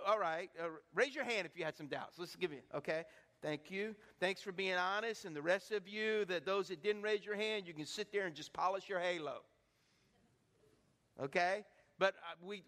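Male pastor, sermon delivery, very high and bright voice, animated, questions the room; long hall reverb. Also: normal speed. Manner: animated, rhetorical questions to the congregation. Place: church hall.

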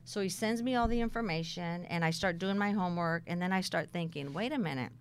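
Animated woman telling a story, smooth voice. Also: lowish voice, a little fast. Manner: animated, blunt, acts out quoted dialogue. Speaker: guest telling her career story. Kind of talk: casual storytelling.

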